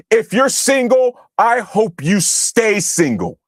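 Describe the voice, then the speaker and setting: A man's voice: high-pitched, very animated, slow pace, hardly any pauses, no echo, studio quality. A man from the United States hosting a livestream, ranting angrily and profanely at his chat and berating commenters. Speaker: livestream host. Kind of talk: angry livestream rant at chat.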